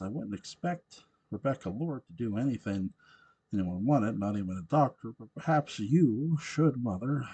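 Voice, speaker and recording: A man reading a calm, soothing grown son. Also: mid-range voice, husky. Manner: calm, reassuring. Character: adult son, soothing and patient.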